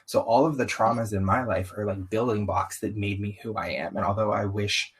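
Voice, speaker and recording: Young guy w a little southern twang, kinda husky low voice, chatty and animated, acts out what people said. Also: fairly quick, poor audio. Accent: slight Southern US. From US, Southern-ish family. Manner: animated, frequent "like" asides, acts out quotes. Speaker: podcast guest. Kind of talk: candid conversational storytelling.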